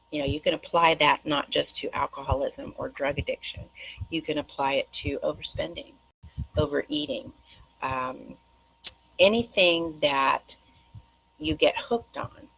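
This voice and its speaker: Speaking directly to her viewers, a middle-aged woman host drifts through a rambling monologue packed with quick tangents. Her low voice is gravelly, husky and a little rough, and the recording quality is low.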